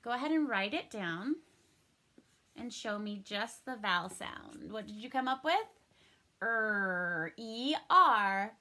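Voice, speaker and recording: A young adult woman teaching a recorded first-grade phonics lesson, cheerful and clearly enunciating each sound. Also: mid-range voice, lively intonation, a bit bright. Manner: cheerful, slow and clearly enunciated, sings and plays at pirate sounds.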